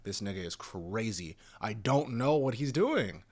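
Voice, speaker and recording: Young man, lowish voice, rambling exasperated rant full of swearing. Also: expressive, unhurried, darkish tone. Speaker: commentator. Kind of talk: casual rant.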